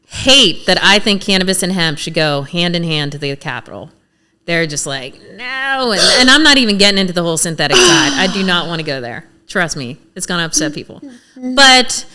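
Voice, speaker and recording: A woman speaking as a policy advocate in a casual podcast conversation, blunt and animated, acting out what lawmakers said to her. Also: medium pitch, clean tone. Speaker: cannabis policy advocate guest.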